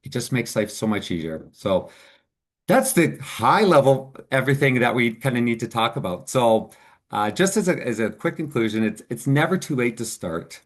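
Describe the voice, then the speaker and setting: A man's voice: medium pitch, lively intonation, moderate pace. A man presenting as a financial advisor in a webinar, explaining options in an earnest, upbeat way.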